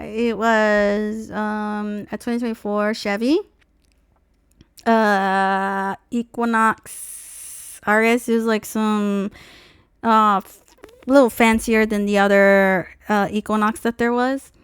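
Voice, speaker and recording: Profane, animated young woman ranting. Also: unhurried, clean tone, no room sound, clean studio sound. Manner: profane, emphatic, acts out quotes in loud high voices. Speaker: streamer. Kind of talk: casual storytelling rant.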